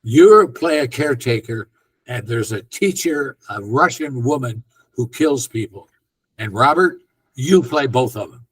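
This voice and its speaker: A man's voice: mid-range voice, a little slow, husky, rough recording. An older man and film director, a guest on an interview, casually telling a long anecdote and acting out the lines of the people in it. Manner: animated storyteller who acts out quoted dialogue.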